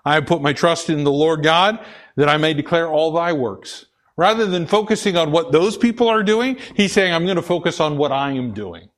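A man's voice: on the high side, animated, moderate pace. A man preaching a sermon, repeating key phrases for emphasis and often stumbling and restarting. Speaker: pastor.

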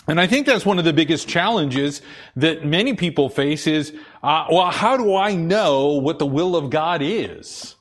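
Earnest man preaching, halting and conversational. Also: a little high, lively intonation. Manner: hesitant, many fillers and restarts; earnest, confessional. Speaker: lay preacher. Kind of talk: conversational sermon with personal testimony.

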